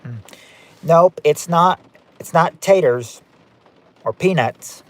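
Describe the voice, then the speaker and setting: A man's voice: fairly high pitch, slow pace. Chatty man hosting a stream game night. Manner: chatty, reading out and ruling on viewer guesses. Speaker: game show host.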